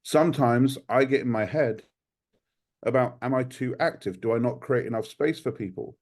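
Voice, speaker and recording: A man's voice: medium pitch, normal speed, darkish tone. A British man sharing advice on a video call, talking animatedly with many ums and likes. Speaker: community member sharing advice. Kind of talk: casual video call chat.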